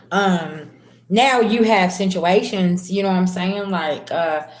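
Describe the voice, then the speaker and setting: A woman reading tarot on a live stream, slangy and chatty, calling her viewers "babies" and swinging from low murmurs to loud, excited bursts. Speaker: tarot reader. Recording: roomy echo.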